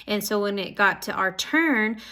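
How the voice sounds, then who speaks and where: Young woman, earnest personal vlog update, gushing and rambling, mid-pitched voice. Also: animated, moderate pace, pushed and bright. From Oklahoma. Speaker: Bible school student.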